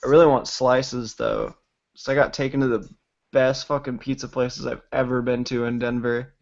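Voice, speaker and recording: Stuffy-nosed dude rambling and cussing on a stream, kinda muffled audio. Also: male voice, medium pitch, animated, normal speed, gravelly. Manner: rambling, swears freely, laughs often. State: congested, stuffed-up sinuses. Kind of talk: casual chat on a livestream.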